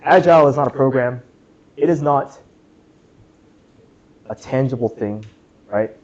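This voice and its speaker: A man's voice: medium pitch, a little slow, darkish tone. Young man, casual classroom lecture, jokey, asks the room questions, muffled lo-fi sound. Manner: chatty, asks the room questions, jokes, says "right?" often. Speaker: club workshop presenter. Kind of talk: casual live lecture to students.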